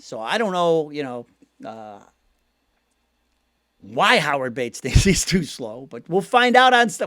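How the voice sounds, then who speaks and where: A man with a Cleveland accent talks fast and loose as a fan-show host, stressing words and laughing between thoughts. His voice sits high and swings widely in pitch. The sound is dry and close. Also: no echo. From Ohio. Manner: animated, chatty, laughs often, stresses words. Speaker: sports podcast host reading viewer comments. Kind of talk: casual fan talk show.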